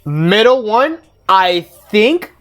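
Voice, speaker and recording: A woman's voice: medium pitch, big pitch swings, drawn-out words, a bit bright, soft background music. A woman streamer giving casual let's-play commentary, rambling, swearing and thinking aloud. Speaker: game streamer.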